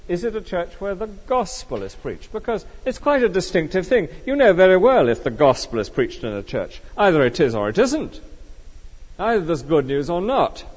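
A man's voice: fairly high pitch, a little mellow. Man preaching in a reverberant church. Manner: expository, asks the congregation questions. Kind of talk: sermon. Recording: dull, long-reverb church recording.

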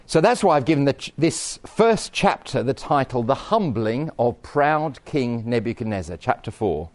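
A man's voice: mid-range voice, sing-song, normal speed. A man preaching a sermon in a conversational style, with wry asides.

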